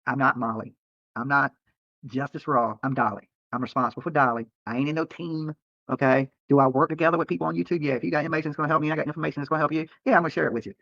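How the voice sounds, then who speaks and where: A man's voice: on the high side, fairly even intonation, rapid-fire, creaky, bright, forceful tone, no room sound, dull audio. A man streaming live from a roadside near a protest, talking to viewers in a profane, rambling and defensive way, often tacking on "okay?". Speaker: livestreamer. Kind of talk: livestream rant to viewers.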